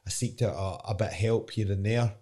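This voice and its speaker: Young Scottish fighter, lowish voice, frank and meandering in a sit-down interview. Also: male voice, a little fast, warm tone. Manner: candid, rambling, swears casually. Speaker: professional fighter. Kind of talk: casual interview chat.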